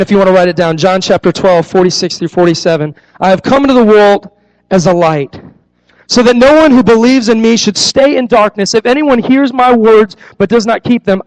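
A young man preaching a sermon as a youth pastor, repeating his key phrases for emphasis and acting out stories in lively voices. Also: high voice, low-quality recording. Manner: animated storytelling with acted-out voices.

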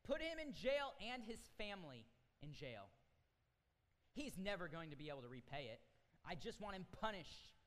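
A demanding king, acted out by a man, barks orders in a brash, bossy way. His pitch swings widely. The voice rings through a big hall with long reverb. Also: sing-song, normal speed, a bit bright. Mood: angry. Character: demanding king, impatient and loud.

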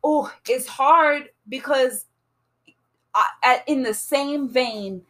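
A woman in casual conversation with a friend, blunt and full of profanity. She talks in an animated way and laughs easily. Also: sits high, takes it slowly. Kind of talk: casual chat.

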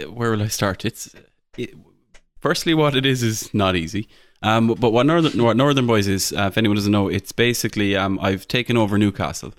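Irish man, low voice, dry close sound, rambling, lots of ums, podcast co-host. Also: no room sound. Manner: rambling, self-correcting, many ums. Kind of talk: casual chat.

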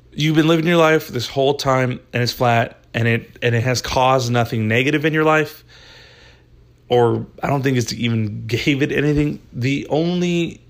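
Rambling, profane man telling a story. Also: medium pitch. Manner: rambling, profane, animated storytelling with many fillers. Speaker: podcast host. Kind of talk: casual storytelling chat.

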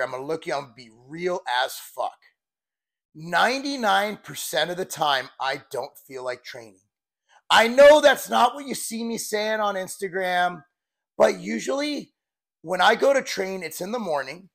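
A man's voice: high-pitched, lively intonation, moderate pace, gravelly, a bit bright. A man in his forties, a fitness coach, talking candidly and bluntly in a rambling, casual vlog style. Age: 40s.

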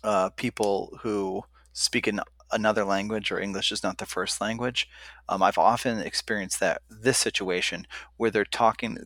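Low-voiced man rambling with ums. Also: steady tone, normal speed, a bit bright, dry recording. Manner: rambling, hesitant with many ums. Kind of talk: casual conversation.

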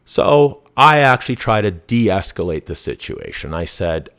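A man talks through a casual podcast monologue, his voice sitting fairly low. He is blunt and profane and often restarts his sentences. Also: very animated, normal speed, hardly any pauses, a bit bright. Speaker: podcast host.

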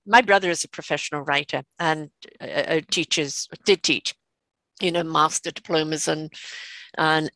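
A woman's voice: fairly low pitch, pushed and bright, no echo. A woman hosting an interview, chatting casually and encouraging her guest. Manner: encouraging, frequent affirmations. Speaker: interview host.

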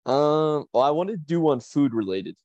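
A man's voice: a little high, lively intonation, moderate pace, a little mellow, no room sound. A man appearing as a podcast guest, speaking casually and hesitantly as he thinks aloud. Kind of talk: casual chat. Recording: dull lo-fi dry mic.

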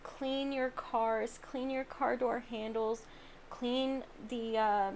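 A woman's voice: fairly high pitch, steady tone, slow pace, a little mellow, slight background noise. A sleepy woman hosting a late-night solo podcast, talking in an earnest, rambling, self-deprecating way from home. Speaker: podcast host.

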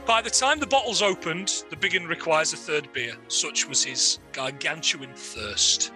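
Bright-voiced man telling a story. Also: fairly high pitch, a little slow, faint music behind. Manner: lively, laughs at own story, crude. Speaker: guest storyteller. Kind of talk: comic anecdote.

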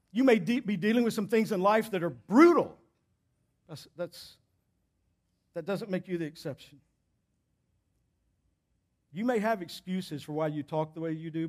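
A male pastor preaching a sermon in a church, emphatic and repeating his key points, swinging between loud and hushed delivery. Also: a little high, animated, normal speed, pauses often.

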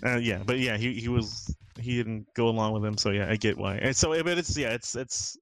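A man's voice: mid-range voice, brisk, a bit bright, no room sound, soft background music. A man co-hosting a podcast who chats casually about a film, asking questions and talking in hesitant, self-interrupting bursts. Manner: questioning, hesitant, many restarts and laughs. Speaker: podcast co-host. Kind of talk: casual film review chat.

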